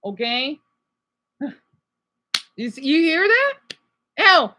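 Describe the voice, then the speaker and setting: A woman from Arizona with an American accent, voice sitting a bit high, rants on a livestream. She rambles, doubles back and keeps punching her points with "okay?". The sound comes from a simple home mic setup. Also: sing-song, moderate pace, pauses often, pushed and bright. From Arizona, USA. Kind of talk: ranting livestream monologue. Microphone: basic home setup.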